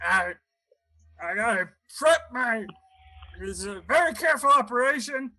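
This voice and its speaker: Brief: man voicing a squeaky, sharp-toned greedy frog prince. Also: expressive, a little slow, heavily acted. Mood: fussy. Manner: hesitant, fussy, self-important.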